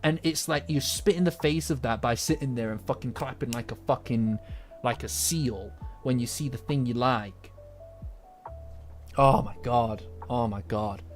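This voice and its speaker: A British man chatting casually to his stream audience, rambling, swearing and getting worked up. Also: medium pitch. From Britain. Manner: rambling, profane, quickly agitated. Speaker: anime commentator. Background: faint lo-fi music.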